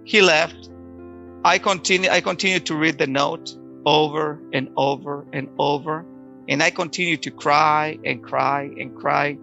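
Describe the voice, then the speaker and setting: A man telling his personal faith testimony, emotional and halting, often restarting his words. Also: on the high side, steady tone, vocal fry, bright, forceful tone, muffled recording, soft background music.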